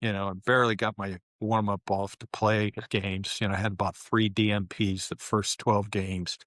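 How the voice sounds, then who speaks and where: Older guy telling an old locker room story, relaxed and salty, dry close sound. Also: lowish voice, moderate pace, no room sound. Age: 70s. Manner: candid, relaxed, colorful, with frequent fillers. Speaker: guest, former pro basketball player. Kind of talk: casual storytelling interview.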